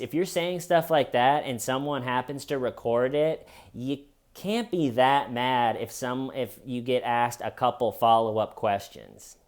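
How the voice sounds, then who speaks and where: A man's voice: mid-range voice, a little slow. Wry sarcastic male commentator. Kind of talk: casual comedic commentary.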